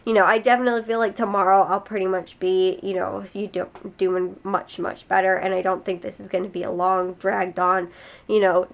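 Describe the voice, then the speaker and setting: A young woman chats to her vlog audience in a loose, rambling way, leaning on fillers and trailing phrases. A cold has left her nose stuffy. Her pitch sits in an ordinary middle range. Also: level tone, a little fast, creaky. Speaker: vlogger. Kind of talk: casual vlog chat to camera.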